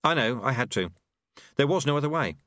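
A brisk, practical young woman in a storybook, voiced by a man. She talks in a crisp, raised voice, close and dry on the mic. Her tone stays matter-of-fact and clipped. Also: mid-range voice, expressive, fairly bright tone, no room sound, close to an everyday voice.

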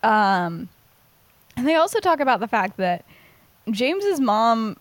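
Chatty young woman, high and dry. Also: very animated, dry recording. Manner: rambling, heavy use of "like", quick giggles. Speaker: podcast co-host. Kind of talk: casual chat recapping a story.

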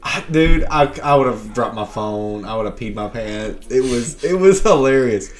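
Young man, casual podcast chat, animated storytelling, frequent laughter. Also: medium pitch, moderate pace. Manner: animated, acts out quotes, laughs often. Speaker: podcast co-host.

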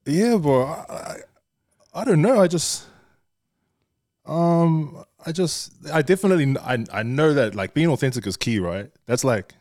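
A man's voice: a little high, expressive, unhurried, darkish tone, no room sound, clean studio sound. A young man with a New Zealand accent, a podcast guest who talks candidly, swears freely and laughs often in casual chat. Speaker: guest, social media influencer.

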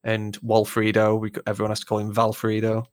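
A young man in casual podcast chat, blunt and animated, swearing freely. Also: on the low side, a little fast. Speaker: podcast co-host.

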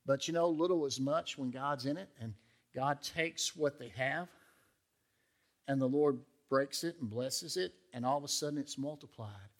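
A man's voice: medium pitch, moderate pace. A male pastor preaching a sermon in a conversational way, acting out the quotes in character voices.

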